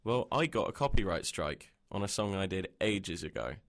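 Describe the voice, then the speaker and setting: A man's voice: deep voice, expressive, normal speed. A young man co-hosting a podcast in casual chat, laid-back and swearing freely. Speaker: podcast co-host.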